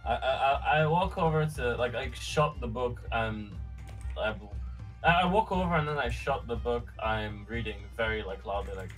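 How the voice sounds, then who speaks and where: A man talks casually as a player in a tabletop game, rambling and restarting his thoughts. His voice is middle-pitched, with faint music in the background. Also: animated, moderate pace, fairly bright tone, rough recording. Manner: rambling, chatty, restarts often.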